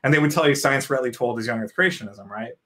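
A man's voice: medium pitch, fast, fairly bright tone. A man hosting an interview, talking in a chatty, upbeat way full of "you know" and "um" fillers. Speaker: show host. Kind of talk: casual interview chat.

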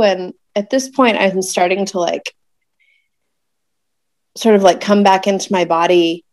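A woman in her thirties telling a personal story in conversation, emotional and searching, with many pauses and fillers. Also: medium pitch, fairly even intonation, a little mellow, no echo. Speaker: guest telling a birth story.

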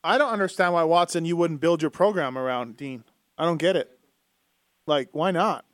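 Host, man, quick upbeat interjections, bright tone, dry sound. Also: on the high side, dry recording. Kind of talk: casual talk radio chat.

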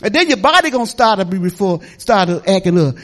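A middle-aged woman pastor preaching a sermon in a lively, folksy way, laughing and talking back to the congregation. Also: mid-range voice, fast.

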